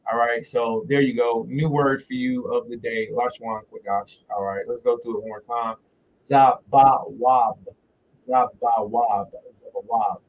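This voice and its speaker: A man giving a casual religious teaching on a livestream, talking loosely and repeating words slowly, into a phone in front of him. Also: medium pitch, level tone, distant mic, narrow, tinny audio, slight background noise. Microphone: phone directly in front of him.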